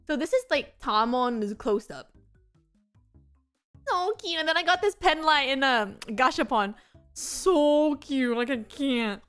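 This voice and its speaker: A young woman VTuber streamer with a high-pitched voice rambles through casual chat, bubbly and excitable, dropping "like" into nearly every sentence. Faint music plays quietly behind her.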